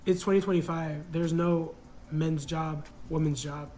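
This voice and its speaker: A man's voice: on the high side, fairly even intonation, a little slow, mellow, a little hiss or hum, rough recording. A man casually telling a personal story in a reflective, hesitant way, full of fillers.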